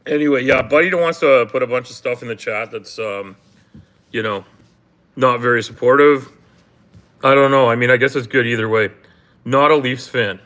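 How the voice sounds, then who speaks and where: A Canadian man from Toronto hosting a casual livestream, talking in halting, rambling bursts full of ums and restarts and swearing bluntly now and then. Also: medium pitch, fairly bright tone. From Canada, grew up in Toronto. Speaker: livestream host. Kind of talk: casual livestream chat with viewers.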